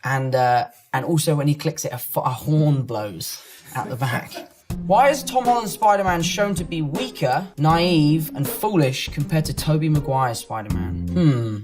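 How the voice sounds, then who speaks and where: A man's voice: on the high side, a little slow. A young man from England with a London accent, casually reading online comments aloud and answering them in a playful, self-mocking way. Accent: London English. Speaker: actor reading fan comments. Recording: music playing underneath.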